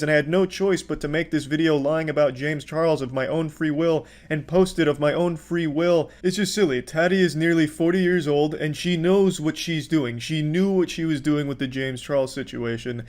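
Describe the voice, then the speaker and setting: A man in his thirties hosting a commentary video, ranting in an exasperated, profane way. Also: mid-range voice. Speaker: commentary host. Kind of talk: reaction commentary.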